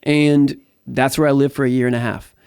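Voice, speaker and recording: A man's voice: medium pitch, fairly even intonation, fairly quick, vocal fry, a little mellow, smooth, no room sound, studio quality. A middle-aged man from the United States telling his life story as an interview guest, candid and rambling, with many fillers and restarts. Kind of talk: personal testimony in conversation.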